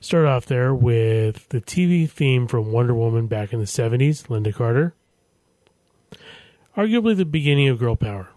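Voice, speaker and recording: A man's voice: mid-range voice, animated, moderate pace, warm tone, dry recording. Middle-aged male radio host, casual joking patter, dry close studio mic. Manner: chatty, self-deprecating jokes. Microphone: studio microphone.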